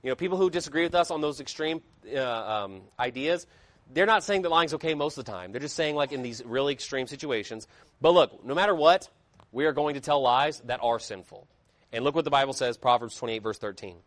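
A man's voice: mid-range voice, animated, brisk, a bit bright, no echo. A man preaching a sermon with emphatic, rising and falling intensity, reading scripture aloud in old-style wording.

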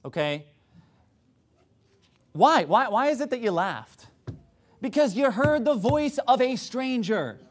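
A male preacher delivers a sermon with sarcastic emphasis. His voice sits high and moves animatedly up and down. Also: sing-song, slow, pauses often.

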